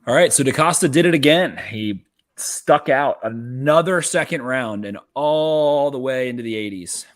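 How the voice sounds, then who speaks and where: A man co-hosting a podcast, giving quick, profane football analysis in casual chat. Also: mid-range voice. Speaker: podcast co-host. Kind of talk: casual draft-night chat.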